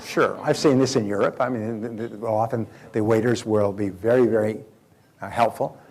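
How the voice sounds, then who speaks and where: Speaking at a moderate pace in a low, steady, darkish voice, a man leads a live motivational seminar. He shares anecdotes, asks his audience questions directly, and repeats key phrases to drive points home.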